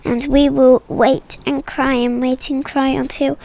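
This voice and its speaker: A patient chorus of crying rocks in a storybook, voiced by a woman. They chant their refrain slowly in a high, gravelly voice. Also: little pitch movement, a little mellow.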